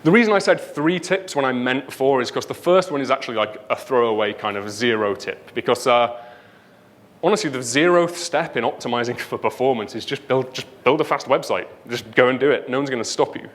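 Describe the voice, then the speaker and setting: Northern English man, conference speaker, mid-pitched, casual and lively delivery. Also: a little fast. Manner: lively, chatty, leans on "right?" and "um". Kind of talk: tech conference talk. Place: conference stage before an audience.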